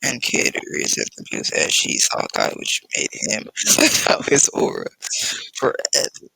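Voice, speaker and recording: A man reading a fan-fiction story aloud in a casual, halting way, with fillers and restarts. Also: low-pitched, huge pitch swings, creaky, sharp tone, husky, no echo, rough recording. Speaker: story reader.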